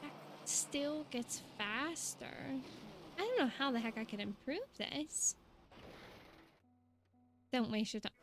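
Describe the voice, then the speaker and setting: A woman's voice: sits high, lively intonation, slow pace, pauses often, over music. A young woman, chatting casually and rambling to her stream viewers.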